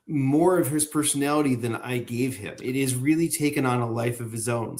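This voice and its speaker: A male producer co-hosting a chat show, playful and teasing, often tripping over his own restarts. His voice is at a middling pitch and comes through a video call. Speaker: producer and co-host. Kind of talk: casual interview chat.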